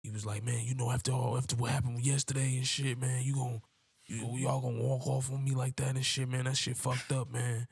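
A man's voice: mid-range voice, level tone, brisk, a little mellow, breathy edge. A man from telling a long story on a casual podcast, rambling with lots of fillers and slang. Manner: rambling, many "you know" fillers, slangy. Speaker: podcast co-host.

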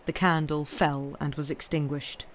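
A woman reading a classic story aloud as narrator on a livestream, in a slow, deliberate storytelling manner. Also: deep voice, level tone. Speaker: reader.

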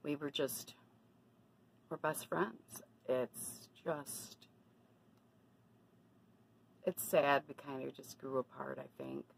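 A woman's voice: a bass voice, slow, vocal fry, long pauses, poor audio. A woman talking casually to her camera in a personal vlog, confiding and then indignant about bad deals. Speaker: vlogger.

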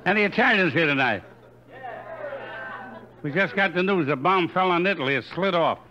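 An older male comedian works through a string of deadpan one-liners into a stage microphone. His voice is bright and forceful and sits a little high. The live recording sounds dull and carries a faint hum of room ambience. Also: normal speed, some chatter behind. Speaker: stand-up comedian. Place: hotel showroom stage.

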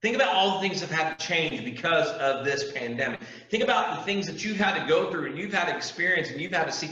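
Youth pastor, male, bright forceful voice, earnest preaching; echoey room, distant mic. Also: a little high, animated, quick pace, lo-fi sound. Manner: earnest, emphatic preaching with repetition. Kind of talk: youth group sermon.

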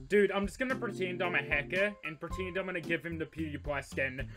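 A young man giving excitable gameplay commentary, breaking into loud yells and squealing laughter. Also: sits high, normal speed, soft background music. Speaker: gaming YouTuber.

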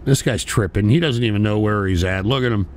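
A man hosting a livestream, mocking and swearing loudly at his guests. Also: on the low side, a little fast. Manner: mocking, loud, laughing, swearing. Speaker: livestream host. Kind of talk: profane livestream commentary.

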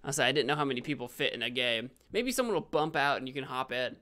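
A young man live-streaming a video game, rambling and correcting himself, with sudden excited outbursts. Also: mid-range voice, fast talker.

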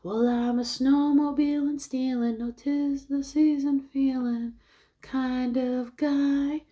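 A woman voicing a grumpy adult man who hates the holidays, half-singing his lines slowly. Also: high voice, fairly even intonation, warm tone, pitched above the performer's own voice. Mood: sing-song. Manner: slow sing-song delivery.

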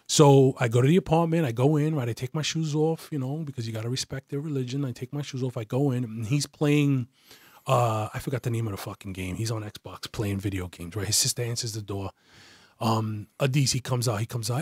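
A man's voice: medium pitch, fairly quick, slightly rough, dry recording, clean studio sound. A middle-aged man, a former detective telling a story bluntly, swearing often and acting out the voices of people in it. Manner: blunt, profane, acts out voices in his stories. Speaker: retired police detective. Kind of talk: casual storytelling interview.

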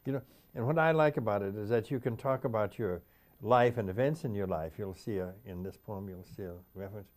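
A man's voice: fairly low pitch, darkish tone. Older male poet reading aloud. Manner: reflective, unhurried, repeats stanzas aloud. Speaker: poet guest. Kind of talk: interview talk and poetry reading.

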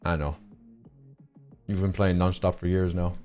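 A man's voice: low-pitched, little pitch movement, measured pace, a little mellow, soft background music. A man streaming a game, bantering and swearing in casual chat with a friend.

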